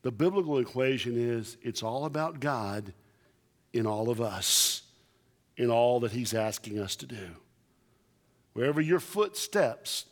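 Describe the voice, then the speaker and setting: A man pastor preaching a sermon, emphatic and animated, telling stories to his congregation. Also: mid-range voice, measured pace. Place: church sanctuary. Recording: long church reverb.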